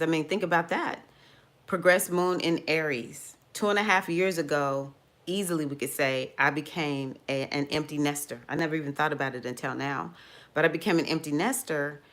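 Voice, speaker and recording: A middle-aged woman, an astrologer, talking casually about her own experiences. She acts out her past thoughts in a high voice and laughs often. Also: a bit bright. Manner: laughs often, loose and conversational. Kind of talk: casual personal talk.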